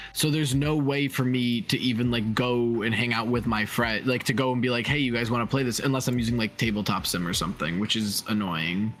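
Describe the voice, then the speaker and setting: A man's voice: mid-range voice, a bit bright. Talkative male co-host who tells long rambling stories, casual stream chat over faint music. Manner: chatty, lots of "like", rambling stories.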